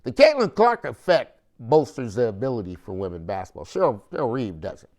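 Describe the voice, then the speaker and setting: A man's voice: medium pitch, sing-song, fairly quick. A man hosting a sports podcast, ranting with emphatic, repetitive rhetorical questions and slangy talk. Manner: slangy, repeats phrases for emphasis. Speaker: podcast host. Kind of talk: opinionated sports commentary monologue.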